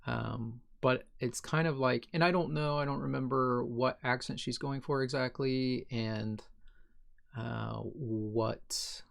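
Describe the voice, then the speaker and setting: A man's voice: medium pitch, fairly even intonation, takes it slowly, creaky. A man from Ohio, co-hosting a podcast, chatting casually in a rambling way, full of fillers and restarts. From Ohio, USA. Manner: rambling, filler-heavy, self-correcting. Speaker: podcast co-host. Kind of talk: casual chat.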